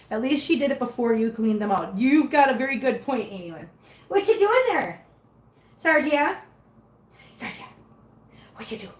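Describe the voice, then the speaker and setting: A woman's voice: fairly high pitch, darkish tone. Chatty woman cooing to her cats. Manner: chatty, coos baby talk to her cats. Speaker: vlogger reading live chat. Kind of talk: casual livestream chat.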